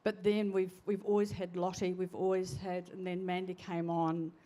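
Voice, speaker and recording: A woman in her sixties giving a eulogy for her sister at a church memorial service, speaking in a halting, heartfelt way and often trailing off. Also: fairly low pitch, flat delivery, warm tone.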